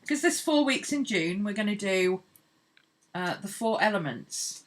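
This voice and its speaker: Sketching on her art channel, this woman talks in an expressive mid-range voice at a measured pace. She's chatty and rambling in a cheerful way, and laughs readily.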